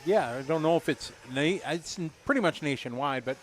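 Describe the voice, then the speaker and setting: A man in his fifties chats his way through race commentary, his voice sitting a little high. He rambles and jokes easily, relaxed and friendly with his co-host. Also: brisk, soft background music. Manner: chatty, rambling, jokey. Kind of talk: casual live commentary chat.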